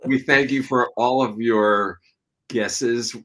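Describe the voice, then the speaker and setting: A man hosting a live online chat show, talking earnestly and encouragingly with frequent pauses and fillers. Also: medium pitch, steady tone, fairly bright tone. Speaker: show host.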